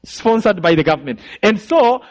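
A man's voice: sits high, very animated, normal speed. A man with a Rwandan accent giving an earnest personal testimony, telling his story vividly and speaking directly to his listeners. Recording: slightly dull lo-fi recording.

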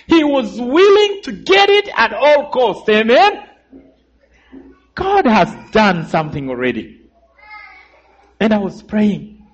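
A man giving a sermon testimony, telling his story dramatically and calling for amens, his voice dropping low and rising again. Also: huge pitch swings, takes it slowly, pauses often. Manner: dramatic storyteller, calls for amens, swings between loud and hushed. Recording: muffled lo-fi recording.

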